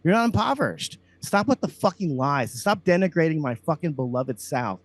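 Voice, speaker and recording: Ranting, profane podcast host. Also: male voice, a little high, expressive, normal speed, dry recording. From Louisiana. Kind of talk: casual podcast rant.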